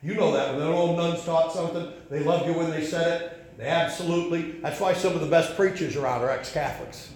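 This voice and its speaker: A middle-aged man preaching a sermon, folksy and emphatic, swinging from loud bursts to low intense tones. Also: a little fast, few pauses, heavy reverb, low-quality recording.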